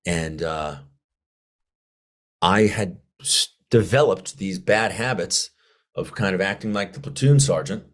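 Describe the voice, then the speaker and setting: A man, a Marine veteran guest, telling stories in a casual interview, profane and animated, acting out quoted dialogue. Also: low-pitched, a little slow.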